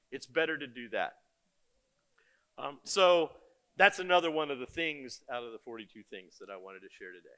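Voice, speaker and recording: An older man giving a conference keynote, telling stories in a lively, joking and blunt way. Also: a little high, clean tone. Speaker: keynote speaker. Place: conference stage before an audience.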